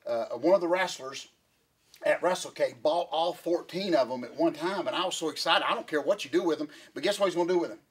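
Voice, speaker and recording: A man's voice: a little high, fast talker, husky. A man co-hosting a podcast in casual chat, telling rambling folksy stories and sounding out of breath. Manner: rambling folksy storytelling, calls partner "boy". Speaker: podcast co-host.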